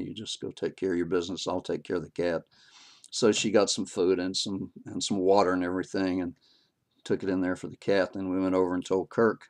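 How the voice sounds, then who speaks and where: A man's voice: sits low, a little mellow. An older man casually telling a personal story in a folksy way, with frequent fillers and chuckles along the way.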